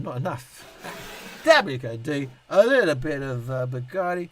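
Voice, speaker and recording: Tipsy middle-aged bloke on a live stream, swears a lot, laughs, kinda high voice. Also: male voice, big pitch swings, measured pace, a bit bright, a little hiss or hum. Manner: rambling, sweary, laughing often. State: tipsy from drinking. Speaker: YouTube reviewer on a live stream. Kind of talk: casual live-stream chat, answering viewer comments.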